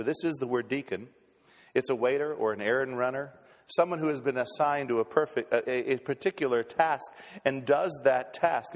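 Preaching man in an echoing hall. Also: a little high. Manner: repeats words on restarts, folksy. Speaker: pastor. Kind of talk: sermon. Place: church sanctuary. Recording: long reverb in a church hall.

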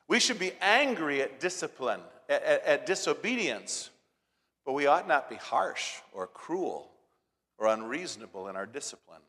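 A man's voice: medium pitch, big pitch swings, measured pace. Emphatic male preacher in a reverberant hall. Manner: emphatic, swinging between loud stresses and soft asides; storytelling with repeated rhetorical lines. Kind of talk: sermon.

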